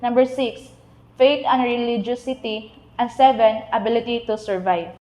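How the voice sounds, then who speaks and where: A woman's voice: fairly high pitch, fairly even intonation, normal speed, warm tone. A woman reading a lesson aloud, counting through numbered points and restarting on hard words. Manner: reads a list item by item, with restarts on hard words. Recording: echoey room.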